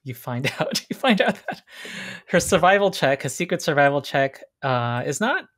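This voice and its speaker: A man running a tabletop role-playing session as game master, explaining rules in a relaxed way and reading scene descriptions slowly. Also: fairly high pitch.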